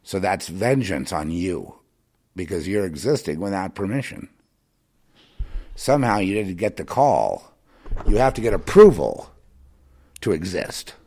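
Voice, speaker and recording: A man's voice: low voice, big pitch swings, unhurried, long pauses, warm tone. A man hosting a podcast monologue, rambling and impassioned, sarcastically scolding his listener, with many restarts. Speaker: podcast host.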